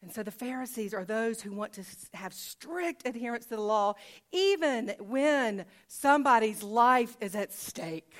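A woman's voice: on the high side, measured pace. Woman pastor preaching conversationally. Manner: conversational, rhetorical questions, repeats phrases. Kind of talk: sermon.

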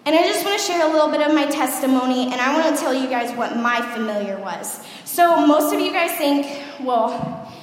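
A young woman giving a sermon testimony in a chatty, animated way, often checking in with "okay?". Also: high-pitched, normal speed. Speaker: youth speaker giving testimony. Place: large hall with audience. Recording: echoey hall, room mic.

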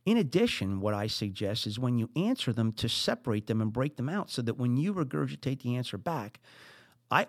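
A middle-aged man with a New Jersey accent hosting a podcast, giving business advice in an animated way with high emphatic bursts. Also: no room sound, clean studio sound. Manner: animated, acts out exasperated quotes, rising into high emphatic bursts. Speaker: podcast host.

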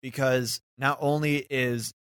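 A man co-hosting a political podcast in casual chat, talkative and quick to laugh. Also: mid-range voice, fairly even intonation, fairly bright tone, clean tone, dry recording, studio quality. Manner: talkative, laughs often, hedging asides. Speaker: podcast co-host.

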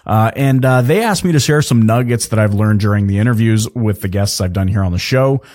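A man hosting his own podcast, talking in an energetic, chatty way with lots of fillers and restarts. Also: lowish voice, a little fast. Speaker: podcast host. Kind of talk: casual solo podcast talk.

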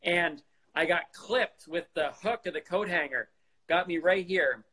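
A man's voice: a little high, a little slow, bright, forceful tone, rough recording. A man chatting casually in an amused, rambling way. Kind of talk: casual chat.

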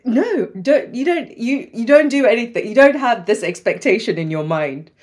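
A woman's voice: on the high side, expressive, moderate pace, darkish tone. A woman from Sri Lanka who works as a doctor, talking as a podcast guest in a chatty way, laughing often and using many fillers. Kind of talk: casual podcast conversation.

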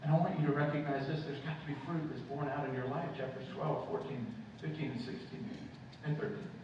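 A man's voice: a little high, steady tone, a little fast, background noise. A man preaching a sermon, with impassioned, repetitive exhortations. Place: church. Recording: echoey church from far off, dull sound.

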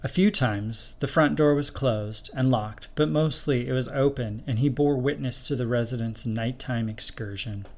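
A man narrating a spooky short story in a steady, measured reading voice. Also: mid-range voice.

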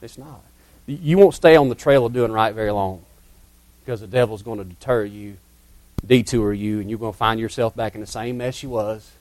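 A middle-aged man, telling a childhood story in a sermon in a folksy, dramatic way that drops to hushed tones. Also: lowish voice, fairly quick, no echo. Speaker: preacher telling a testimony.

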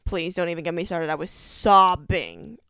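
A woman's voice: fairly low pitch, normal speed, vocal fry, a bit bright, smooth, dry recording, clean studio sound. A young woman hosting a casual solo podcast, talking in a gushing, enthusiastic way with lots of fillers. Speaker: podcast host.

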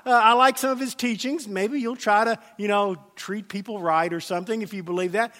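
A male pastor preaching with a high, bright-pitched voice. He speaks with animation, acting out quoted voices and sometimes stumbling through restarts. The sound carries a long reverb from a church sanctuary. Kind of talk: sermon.

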